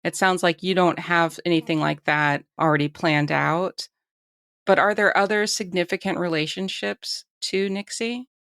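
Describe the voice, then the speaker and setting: A woman hosts a podcast and asks friendly questions in a relaxed way. Her voice is on the low side with a gravelly fry, and the recording is dry. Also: normal speed, dry recording. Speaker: podcast host and interviewer. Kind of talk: casual interview questions.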